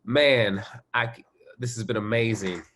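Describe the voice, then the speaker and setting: A man hosting a podcast, signing off in an upbeat, energetic way. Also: on the low side, a little slow, slight background noise. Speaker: podcast host. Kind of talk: show sign-off.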